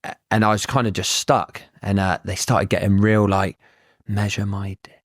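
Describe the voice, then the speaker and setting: A fairly low-pitched man spins lively, swear-filled stories from his surveying work. He talks in a relaxed, casual podcast style. His voice sounds close and dry, with no room sound. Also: normal speed, dry recording. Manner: blunt, swears freely, lively anecdotes. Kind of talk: casual podcast chat, storytelling.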